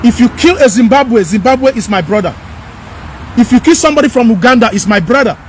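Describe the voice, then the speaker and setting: A Nigerian man delivers a fiery, repetitive monologue straight to his viewers, his voice sitting unusually high. He hammers his points over and over with rising anger. Faint street traffic hums in the background of this outdoor recording. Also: animated, a little fast. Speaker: commentator. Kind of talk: impassioned direct-to-camera rant.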